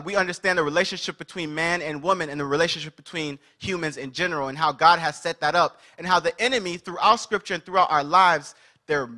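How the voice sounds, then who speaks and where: A man's voice: fairly high pitch, sharp tone. A man preaching an interactive sermon at a church service, calling out to the congregation and energetically asking them to respond.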